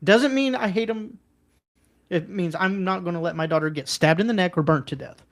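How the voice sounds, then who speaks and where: A man co-hosting a casual podcast, talking bluntly and conversationally, jumping up in pitch when he quotes others. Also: brisk. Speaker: podcast co-host. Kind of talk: casual political podcast chat.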